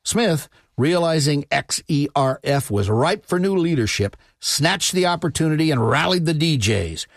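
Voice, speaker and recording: A documentary narrator delivers his script in a measured, even way. His voice is slightly higher than most men's, and the sound is dry and close. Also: dry recording.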